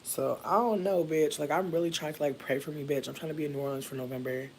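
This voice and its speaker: A man's voice: fairly even intonation, quick pace, darkish tone, slight background noise. Playful, profane man chatting with viewers. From Michigan. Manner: playful, profane, sudden jumps into high squeals. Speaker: livestreamer. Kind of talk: casual chat with viewers. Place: at home doing hair.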